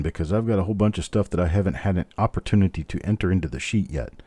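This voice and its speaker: A man's voice: sits low, very fast, mellow, husky, no echo, clean studio sound. A middle-aged man hosting a live online coin auction, calling bids steadily and chatting between lots. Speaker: auctioneer host.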